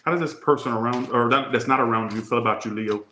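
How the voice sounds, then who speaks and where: A man's voice: medium pitch, fast, noisy background. A man with a Southern US accent giving a casual tarot reading, rambling into crude jokes. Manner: joking, rambling, crude asides. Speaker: tarot reader. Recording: echoey room.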